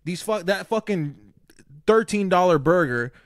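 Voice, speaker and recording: A man's voice: sits high, expressive, a little slow, dry recording, studio quality. A man co-hosting a podcast, telling stories in casual chat with lots of swearing and quoted dialogue. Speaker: podcast co-host; former casino security worker.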